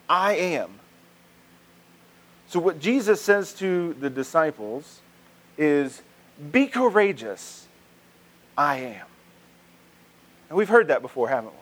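A man preaching a sermon in a conversational way, often restarting phrases and building to emphatic points. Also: a little high. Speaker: pastor.

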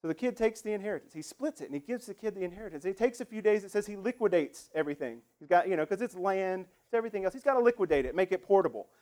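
A man's voice: high-pitched, lively intonation, racing, few pauses, a little mellow. A man preaching a sermon in a conversational, emphatic way, acting out the lines he quotes. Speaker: pastor.

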